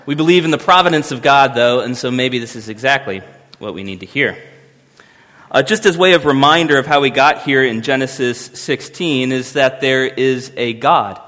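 A man's voice: medium pitch, a bit bright. A man preaching a sermon as pastor, talking in a conversational and emphatic way with wry humor. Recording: long hall reverb.

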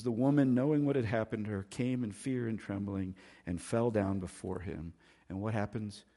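A male pastor preaches with a husky, breathy edge to his voice. He swings between loud, pressing emphasis and soft, hushed asides, sounding like a sermon from the pulpit. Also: fairly low pitch.

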